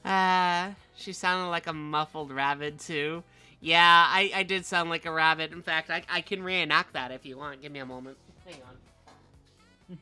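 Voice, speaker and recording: A woman's voice: low voice, normal speed, clean tone, faint music behind. A woman streamer chatting casually, telling stories with lots of laughter and acted-out voices. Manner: animated storytelling with frequent laughs and acted-out voices. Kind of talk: casual chat.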